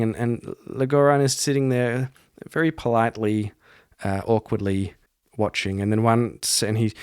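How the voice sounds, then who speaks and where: A man's voice: mid-range voice, a little mellow, dry recording, studio quality. A man hosting a podcast, narrating a solo tabletop game and thinking aloud as he rolls dice. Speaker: podcast host and solo player.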